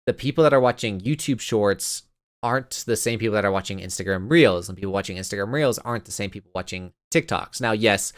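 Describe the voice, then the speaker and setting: A man's voice: lowish voice, a little fast, dry recording, clean studio sound. A man co-hosting a podcast, a bit tired and yawning, rambling in casual chat with lots of fillers. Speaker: podcast co-host.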